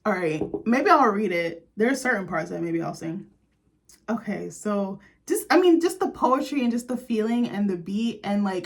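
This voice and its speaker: Gushing young woman chatting to camera. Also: mid-range voice. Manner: gushing, chatty, lots of "like", laughs. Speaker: vlogger. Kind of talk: casual chat to camera.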